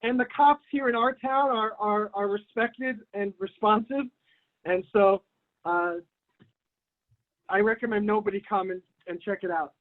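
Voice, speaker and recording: A man's voice: high-pitched, a little slow. A man hosting an online community meeting in casual chat, rambling and giving blunt advice over a video call. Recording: tinny phone-like line.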